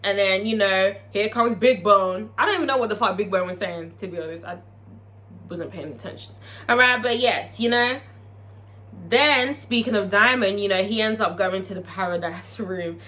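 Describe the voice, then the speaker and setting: A woman giving a casual, profane, animated recap of a TV episode and laughing often. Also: mid-range voice, moderate pace. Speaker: TV episode reviewer.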